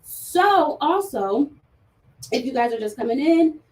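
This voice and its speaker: A woman's voice: sits high, expressive, measured pace, darkish tone, recorded from a distance, poor audio. A woman hosting a casual livestream chat who laughs often and talks with many fillers. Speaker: livestream host.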